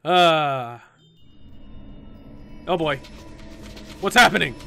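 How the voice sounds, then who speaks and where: A man's voice: fairly high pitch, expressive, very slow, creaky, sharp tone, soft background music. A young man casually commenting as he plays through a game, reacting aloud. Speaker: gameplay YouTuber. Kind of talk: casual let's-play commentary.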